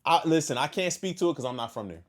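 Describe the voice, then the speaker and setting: A man hosting a casual reaction stream, talking back to a video and shouting out his chat. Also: a little high, quick pace. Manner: animated, talks back to the video and thanks chat.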